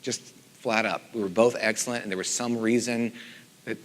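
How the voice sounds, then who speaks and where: A middle-aged man, a composer and teacher, giving a conference talk with animated storytelling and lively voiced quotes. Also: on the low side, moderate pace. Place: conference hall. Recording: long hall reverb.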